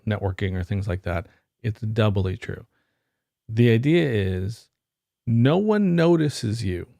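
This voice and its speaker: A low-pitched man with a gravelly edge talks to camera about working in tech. His delivery is casual and wry, wandering through an anecdote. The sound is dry and close. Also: darkish tone, dry recording. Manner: wry, rambling storyteller. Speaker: IT career vlogger. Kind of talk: casual explanatory talk to camera.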